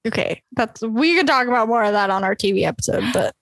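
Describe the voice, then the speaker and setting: A young woman co-hosting a podcast, chatting casually with lots of fillers and quick laughs. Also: a little high, animated, a bit bright. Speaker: podcast co-host. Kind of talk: casual chat.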